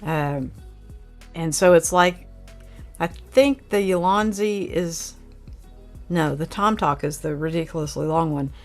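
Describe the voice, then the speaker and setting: A woman's voice: low-pitched, slow pace, long pauses, soft background music. A woman from Oklahoma with a light Oklahoma twang, hosting her channel in a rambling, chatty live talk and answering viewer comments. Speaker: channel host reviewing camera gear. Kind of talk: casual live chat.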